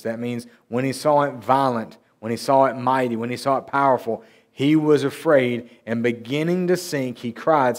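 A man's voice: medium pitch, darkish tone. A man preaching at a church service. He talks in an earnest, conversational way and lifts his voice when he reads scripture aloud. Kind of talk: sermon with Bible reading.

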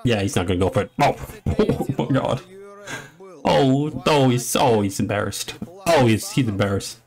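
A man's voice: mid-range voice, moderate pace, a little mellow, soft background music. A young man giving a casual play-by-play reaction, rambling and joking with frequent exclamations. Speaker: reaction commentator.

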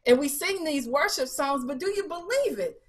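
This woman evangelist has a high voice and talks at a normal speed as she preaches at a Bible study. Her animated sermon mixes scripture quotes with rhetorical questions for the listeners, all in relaxed, colloquial speech dotted with fillers.

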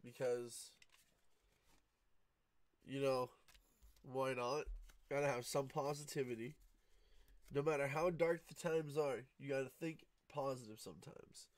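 A man hosting a card-opening video, talking in a sleepy, low-key, fairly monotone way, groggy from just waking up. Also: a little slow, long pauses, dry recording. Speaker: card-opening channel host. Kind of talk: casual pack-opening commentary. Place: home room at night, cat nearby.

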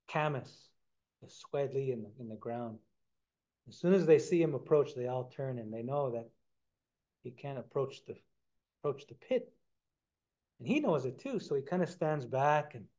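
A man retelling a traditional story in a relaxed, conversational way during a talk, on a dull lo-fi recording. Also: mid-range voice. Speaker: storyteller and science lecturer.

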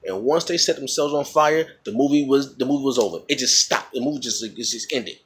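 A man's voice: medium pitch, fairly quick, slight background noise. A man casually ranting to camera about a movie, rambling and repeating himself as he restarts his sentences. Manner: rambling, with many restarts and repetitions; emphatic and indignant. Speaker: vlogger reviewing a movie.

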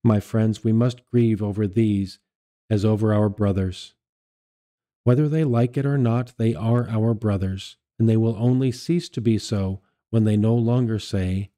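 Male liturgical reader, low and very warm in tone; measured, unhurried delivery of scripture readings. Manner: measured, steady reading with small self-corrections. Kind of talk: reading aloud of scripture and patristic texts.

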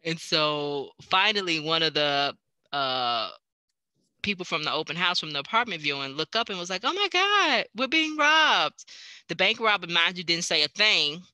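A woman's voice: low-pitched, moderate pace, clear, resonant tone, no echo. A woman librarian chatting casually about a book, retelling scenes and acting out quoted lines. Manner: animated, acts out quoted lines. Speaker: librarian co-host.

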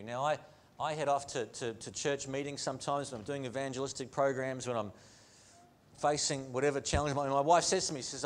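Male pastor, earnest sermon delivery, somewhat high voice, repeats key lines for emphasis. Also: normal speed. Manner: earnest preaching with repeated phrases and rhetorical questions. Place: church sanctuary.

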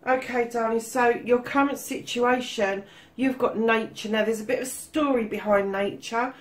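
A woman's voice: on the high side, fairly even intonation, moderate pace. A woman giving a casual tarot reading, swearing freely and calling listeners darling. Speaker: tarot reader.

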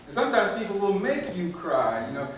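A man's voice: high-pitched, big pitch swings, fairly quick, a little hiss or hum. A man preaching a conversational sermon with humor, repeating words and chuckling at his own jokes, in a church. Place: church sanctuary. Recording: very echoey hall from far off.

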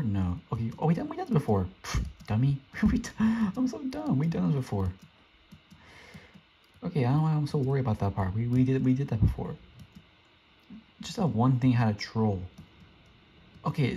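A man's voice: mid-range voice, very animated, brisk, pauses often, dark tone. A young man giving casual, rambling commentary as he plays a game, often frustrated and talking to himself. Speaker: gaming streamer. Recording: dull lo-fi mic with faint hiss.

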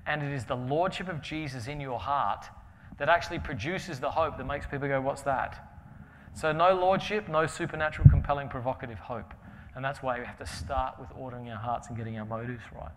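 A man preaching a conference sermon, telling stories with humor and swinging between loud and hushed delivery. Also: mid-range voice, fairly quick, a little hiss or hum. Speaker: pastor. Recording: reverberant hall with faint ambience.

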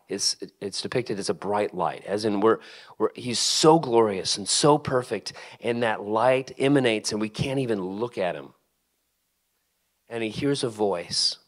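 A young adult man, a pastor, giving a sermon in a conversational, animated way with rhetorical questions, in a church. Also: medium pitch. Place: church sanctuary.

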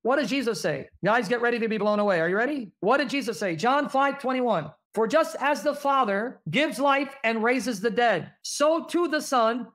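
A man's voice: very high voice, fairly bright tone. A man teaching Christian apologetics, reading verses aloud and pressing the audience with rhetorical questions.

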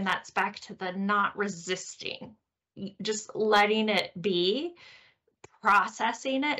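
A woman hosting a podcast, teaching a course session in a gentle, explaining way with frequent tag questions. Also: medium pitch. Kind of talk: teaching a recorded course talk.

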